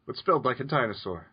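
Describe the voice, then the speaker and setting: A man telling his part of a tabletop story game in a relaxed, laid-back way and laughing easily. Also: medium pitch, slightly rough, dry recording, highs cut off. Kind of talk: casual chat during a tabletop story game.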